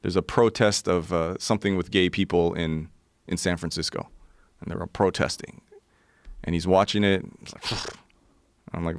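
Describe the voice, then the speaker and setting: A man in his forties with a low voice, a podcast guest telling a profane, vivid story in casual talk. The sound is close and dry. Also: fairly even intonation, moderate pace, no room sound.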